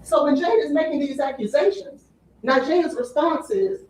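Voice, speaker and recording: Her high voice is animated yet darkish in tone, moving at normal speed as this defense attorney opens her case to the jury, hammering home "you'll hear" again and again. The audio is echoey, recorded at a distance in the courtroom, with slight background noise.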